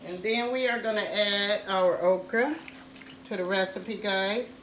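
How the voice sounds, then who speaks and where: A woman hosting a casual home cooking tutorial, talking slowly and repeating "guys" to her viewers. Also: medium pitch, fairly bright tone, roomy sound, slight background noise. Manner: slow, repetitive, says "guys" often. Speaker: cooking channel host.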